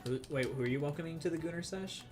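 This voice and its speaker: A man from the Southern United States, with a Southern accent and a slightly high voice, talks fast over loud background music. He's streaming a game, chatting casually, rambling, laughing, and cursing a lot.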